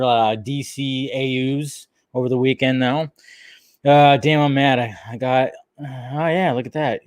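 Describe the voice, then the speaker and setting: A man hosts a casual live stream and chats loosely with his viewers, greeting them by name and swearing freely. His voice sits somewhat high for a man. He is recorded close to the mic in a dry room with little echo.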